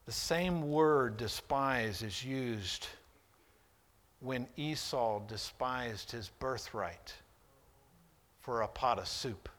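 A man preaching a sermon, reading scripture with deliberate weight and rising to loud, high emphasis before dropping soft again. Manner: preaches slowly, swelling loud and high when voicing God's rebuke, then dropping soft; reads scripture in King James wording with deliberate weight.

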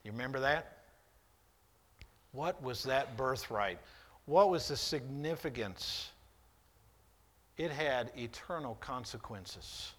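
A man preaching a sermon, reading scripture with deliberate weight and rising to loud, high emphasis before dropping soft again. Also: expressive. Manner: preaches slowly, swelling loud and high when voicing God's rebuke, then dropping soft; reads scripture in King James wording with deliberate weight.

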